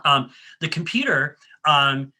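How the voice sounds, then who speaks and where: A man presents a workshop and coaches his audience through breathing exercises. His voice sits a bit high and has a sharp, bright edge. He speaks in a friendly way, with ums and restarts. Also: animated, takes it slowly. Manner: coaching, leads the audience step by step. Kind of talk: guided breathing exercise and talk.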